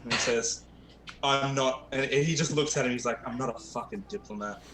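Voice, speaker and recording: A man's voice: mid-range voice, fairly even intonation, normal speed, noisy background, natural voice. A man voicing a blunt male ruler who speaks in a dry, curt way. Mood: fed up. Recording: roomy echo.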